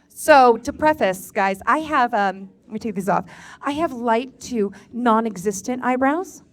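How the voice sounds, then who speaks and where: Sarcastic woman doing a stand-up set. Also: on the high side. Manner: sarcastic, profane storytelling about her kids. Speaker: stand-up comedian. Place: live comedy venue in a bar.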